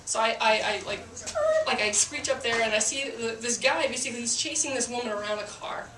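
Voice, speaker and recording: A woman's voice: on the high side, brisk, reverberant, far from the mic, loud music behind the voice. A woman who is a police officer telling a story to a live audience, chatty and self-mocking with lots of fillers.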